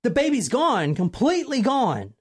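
A woman hosting a casual chat, telling a true crime story in an animated way, swearing casually and acting out quotes. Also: fairly high pitch, normal speed, slightly rough.

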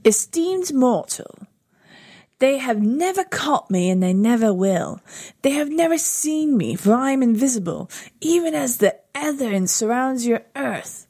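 Woman doing a gloating demon axe killer, slow and ominous, put-on British lilt, podcast read-through. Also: mid-range voice, animated, a little mellow, close to an everyday voice. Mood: menacing. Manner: slow, menacing letter reading in a mock British accent. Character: boastful demon axe murderer, male spirit.

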